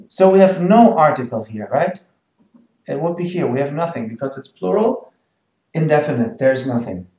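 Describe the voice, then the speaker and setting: A man teaching German in a slow, patient way, repeating example sentences and chuckling now and then at the grammar. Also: fairly high pitch, mellow, echoey room. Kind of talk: language lesson explanation.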